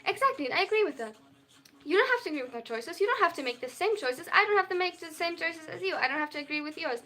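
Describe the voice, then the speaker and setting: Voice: very high-pitched, lively intonation, fast talker, bright, forceful tone. A young adult non-binary streamer with a German accent, earnestly reading out chat messages and answering them at length on a live stream. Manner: earnest, reads chat aloud and replies at length.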